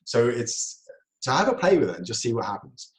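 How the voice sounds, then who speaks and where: A man giving a talk on communication, lively, laughing often and acting out quoted exchanges. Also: medium pitch, brisk, low-quality recording. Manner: lively, laughs between points, acts out quoted dialogue. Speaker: speaker.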